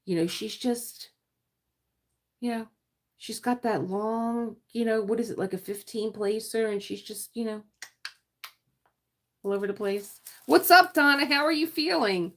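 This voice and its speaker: A woman's voice: mid-range voice, steady tone, unhurried, pauses often, dark tone. A middle-aged woman hosting a casual diamond painting livestream, chatty and rambling, often trailing off to search for words. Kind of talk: casual live-stream chat.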